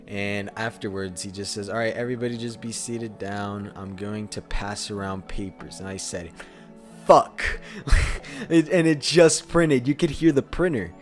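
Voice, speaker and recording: A man's voice: on the low side, moderate pace, hardly any pauses, faint music behind. A young man co-hosting a podcast, telling a story in a rambling, casual way with lots of fillers and bursts of laughter. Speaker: podcast co-host.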